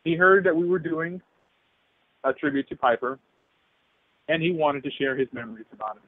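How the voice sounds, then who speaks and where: A man's voice: a little high, normal speed, no echo, narrow, tinny audio. A man hosting a radio show, introducing a guest in a chatty way. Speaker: radio host.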